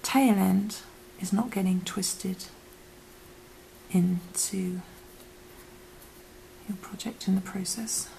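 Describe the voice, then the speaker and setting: Soft-spoken woman, gravelly and half-whispered. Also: medium pitch, slow pace, pauses often, slight background noise, rough recording. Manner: soft, half-whispered instructions while working. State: losing her voice. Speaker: crochet teacher. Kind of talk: step-by-step craft tutorial.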